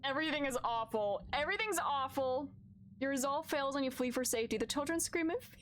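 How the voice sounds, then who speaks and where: A woman with a high voice streams a story game, reading its text aloud in an even, narrating tone. She often breaks off to react, crying out in open distress at what happens on screen. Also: brisk, slight background noise. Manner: expressive, shifts from calm reading to loud distressed outbursts.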